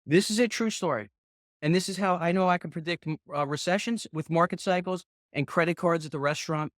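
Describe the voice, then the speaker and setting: Excitable, rambling middle-aged man coaching. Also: high-pitched, brisk, dry recording, clean studio sound. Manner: rambling, excitable, swears often. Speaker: real estate investing mentor. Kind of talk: animated coaching talk on a group call.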